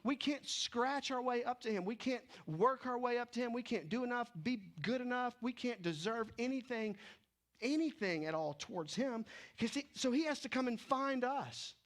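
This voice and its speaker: A man preaching with a notably high voice, moving from urgent, raised lines to quiet, low-pitched passages. His delivery is animated and emphatic throughout the sermon. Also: moderate pace. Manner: animated preaching, swings from loud to hushed. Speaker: pastor.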